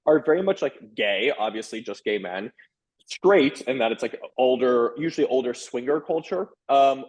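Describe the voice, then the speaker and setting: Candid male guest, thirties, lively and chatty with lots of fillers. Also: medium pitch, poor audio. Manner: animated, frank, quick restarts and "like" fillers. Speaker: author and sex columnist, guest. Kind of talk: candid conversational interview.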